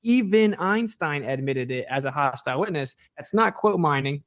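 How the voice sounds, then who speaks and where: A man in a heated debate, insistent and defensive, firing back quick rebuttals. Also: on the high side, lively intonation, no room sound.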